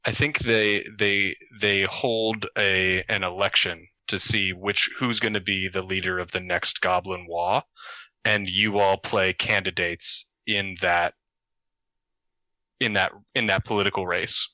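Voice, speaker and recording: A man's voice: deep voice, fairly even intonation, unhurried, bright, forceful tone, no echo, rough recording. A man co-hosting a casual live chat show, joking around and rambling through his answers. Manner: jokey, rambling, restarts sentences. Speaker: co-host, game runner.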